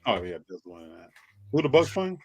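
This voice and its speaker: A man's voice: fairly low pitch, sing-song, brisk. A man hosting a casual live-stream chat, talking in an upbeat, hyping way. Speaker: host.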